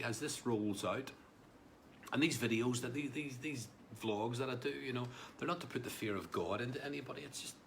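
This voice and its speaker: A man's voice: medium pitch, fairly bright tone, slight background noise. A man chatting casually on a live stream, rambling with restarts and speaking directly to viewers about their comments.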